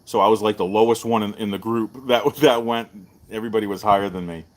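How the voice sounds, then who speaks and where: A middle-aged man, hosting a live-streamed martial arts show and telling stories in a loose, animated way. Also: fast. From Texas. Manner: animated storyteller, jumps up in pitch for quoted voices. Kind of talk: casual storytelling to a live stream.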